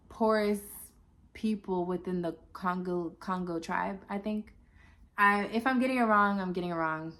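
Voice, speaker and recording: Woman vlogger, casual rambling delivery, lots of asides, mid-range pitch. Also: a bit bright. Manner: rambling, chatty, full of filler asides. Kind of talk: casual chat to camera.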